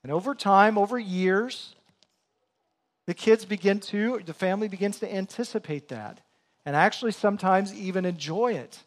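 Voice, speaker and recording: A man's voice: high-pitched, moderate pace. A middle-aged man preaching a sermon in a church, telling earnest, self-deprecating stories about family life. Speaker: pastor.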